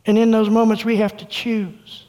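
A man pastor preaching a sermon with earnest delivery, going quiet and soft when quoting. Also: high-pitched, little pitch movement, normal speed. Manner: earnest preaching, dropping soft for quoted words. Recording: long reverb of a large room.

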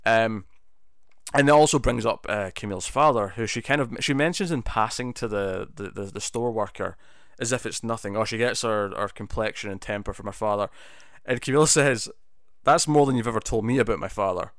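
A man's voice: on the low side, a little fast, fairly bright tone, smooth, no echo, clean studio sound. A man casually talking through a TV episode, rambling with many restarts and fillers. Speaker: TV episode reviewer. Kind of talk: casual spoken review.

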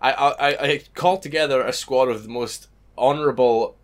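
A man's voice: medium pitch, moderate pace. A man co-hosting a podcast, casually narrating a silly made-up scenario with wry humor. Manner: easygoing, wry storytelling. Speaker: podcast co-host.

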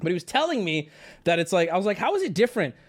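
A man streamer telling a story to his chat in a casual, animated way, swearing freely and using lots of fillers. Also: high-pitched, rapid-fire.

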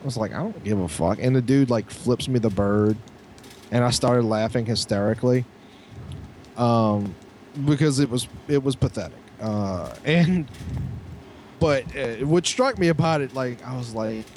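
A man co-hosting a podcast, telling a profane, animated story with lots of restarts. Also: medium pitch, unhurried, a little hiss or hum. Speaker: podcast co-host. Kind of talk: casual storytelling chat.

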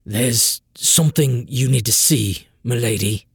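A man's voice: mid-range voice, measured pace, creaky, breathy edge, no room sound, studio quality, heavily acted. A man voicing a nervous, deferential male guard in a storybook reading, speaking hesitantly and politely.

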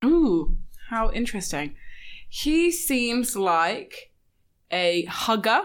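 A woman's voice: on the high side, very animated, drawn-out words. A young adult woman chatting as a podcast guest, telling candid stories full of quoted asides. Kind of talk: casual chat.

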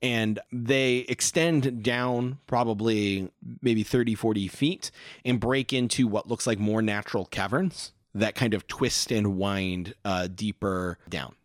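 A man narrating a tabletop game as game master, relaxed, with many fillers and frequent laughter. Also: on the low side, slow, dry recording, studio quality.

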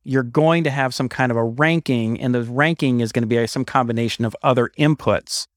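A man's voice: medium pitch, fairly quick, no echo. A man co-hosting a podcast, telling stories in casual chat with emphatic bursts and frequent restarts. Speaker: podcast co-host.

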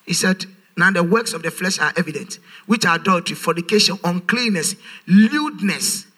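A man's voice: sits high, animated, moderate pace, pushed and bright. A man preaching a sermon, emphatic and full of rhetorical questions, his voice rising in a sing-song way. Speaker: pastor.

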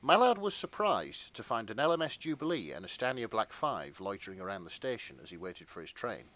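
A man's voice: lowish voice, brisk. A man co-hosting a podcast, chatting through trivia and then narrating a fan story aloud. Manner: chatty, tangent-prone, lively storyteller. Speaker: podcast co-host reading the story. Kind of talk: casual chat and reading fanfic narration.

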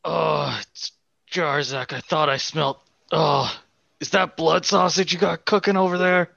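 A man putting on a loud, cocky orc adventurer from a tabletop game, keen and boastful. The voice is bright and gravelly, and the recording sounds dull and dry. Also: medium pitch, takes it slowly, dry recording. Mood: eager. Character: brash male orc adventurer, hungry and cocky.

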